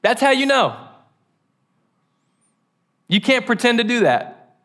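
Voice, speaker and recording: A man preaching a sermon, animated and joking, acting out the quoted voices. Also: very high-pitched, takes it slowly.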